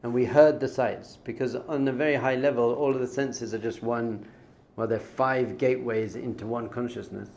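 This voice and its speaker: A man's voice: medium pitch, steady tone, moderate pace, creaky, darkish tone. A male rabbi gives an informal spiritual lesson in a mid-range voice. He speaks conversationally and repeats phrases for emphasis. Hebrew terms come up naturally in his talk. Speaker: rabbi teaching.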